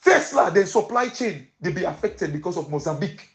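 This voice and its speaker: A man's voice: sits high, animated, brisk. Rallying Sierra Leonean Krio-speaking man. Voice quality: mixes Krio pidgin and English. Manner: rallying, repetitive exhortations. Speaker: commentary show host. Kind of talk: impassioned economic commentary.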